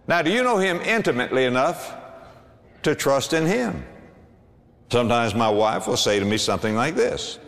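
Animated preaching man in a reverberant hall. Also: normal speed, gravelly, pauses often. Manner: animated preaching with big pitch swings and emphatic bursts. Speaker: pastor. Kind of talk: sermon.

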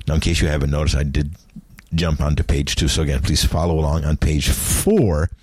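A man teaching a recorded language lesson, explaining grammar deliberately and repeating each example word for pronunciation practice. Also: extremely low pitch, a little mellow, slightly rough, dry recording.

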